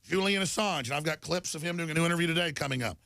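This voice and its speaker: Heated male talk host, middle-aged, gravelly voice, dry close sound. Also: a little high, rapid-fire, sharp tone, no echo. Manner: heated, repetitive, addresses viewers as folks. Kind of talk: conspiracy talk show monologue reading headlines.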